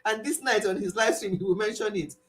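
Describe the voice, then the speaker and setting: A woman's voice: mid-range voice, a little fast, slight background noise. A woman hosting a casual live stream, playful and often laughing as she imitates her viewers. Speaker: channel host closing a live stream.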